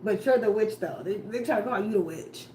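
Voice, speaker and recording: A woman with a brisk, mid-range, dark-toned voice does a casual tarot reading. Blunt and swearing, she fires rhetorical questions while ranting over the spread. The space echoes and carries faint noise.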